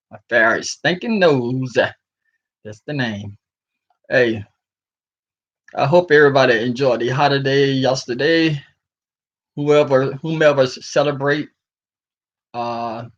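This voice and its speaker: A sleepy man rambling casually to his viewers from home, chuckling often and talking in slang. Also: medium pitch. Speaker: vlogger. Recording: muffled lo-fi recording.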